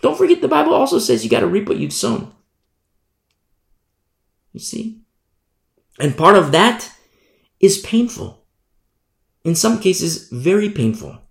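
A man preaching a sermon with emphatic force, swinging from loud declarations down to hushed asides. His voice sits fairly high and has a gravelly edge. The room around him rings with echo. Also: big pitch swings, measured pace, long pauses. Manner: mimics sinners in quoted asides. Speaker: pastor.

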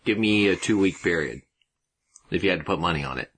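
A man's voice: low voice, animated, brisk, a bit bright, husky. A man co-hosting a casual podcast chat, wisecracking and sarcastic, laughing at his own jokes.

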